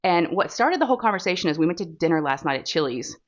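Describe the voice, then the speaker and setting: A woman with a Texan drawl talks through her crafting session in a loose, rambling way, full of fillers and little asides. Her voice sits fairly low. It is recorded on a phone, so the sound comes through dull and lo-fi. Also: sing-song, quick pace. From Texas. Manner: chatty and rambling, with many fillers and laughs. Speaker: crafting channel host. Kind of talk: casual chat while diamond painting.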